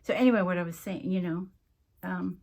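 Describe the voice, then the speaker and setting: A woman's voice: fairly low pitch, fairly quick, vocal fry, a little mellow. A woman hosting a casual craft tutorial, chatting and rambling as she works, often interrupting herself. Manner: mentions her accent coming and going. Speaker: craft video host.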